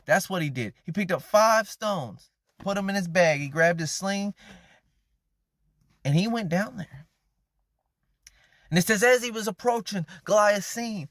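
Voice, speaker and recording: High-voiced man preaching casually. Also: animated, measured pace, pauses often, a bit bright, no echo, studio quality. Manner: conversational, slangy, acts out quoted characters. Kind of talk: casual sermon retelling a Bible story.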